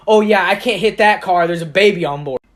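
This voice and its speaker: A man's voice: high voice, fairly quick, voice pushed up, natural voice. A man voicing Marvin, a young man who earnestly asks odd, puzzled questions. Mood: curious.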